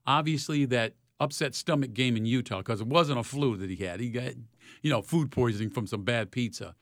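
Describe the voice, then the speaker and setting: A retired sports reporter in his sixties, telling lively stories in an interview. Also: fairly quick, no room sound, clean studio sound. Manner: animated storyteller, rising loud in highlights. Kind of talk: storytelling interview.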